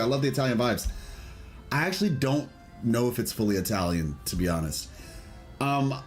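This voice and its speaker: Chatty male gaming streamer. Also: mid-range voice. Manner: chatty, rambling, enthusiastic, reads chat aloud. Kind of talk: casual livestream chat and game commentary.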